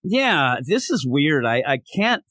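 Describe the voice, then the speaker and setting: A man's voice: fairly high pitch, very animated, slow pace, fairly bright tone, no room sound. A man hosting a casual comic book podcast, joking and rambling while sick and short of breath. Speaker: podcast host.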